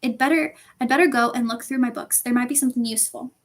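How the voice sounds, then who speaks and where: A clever, bossy schoolgirl who talks briskly and anxiously, as a woman reader puts her on. The voice is pitched well up, quick and bright. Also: steady tone, lightly acted.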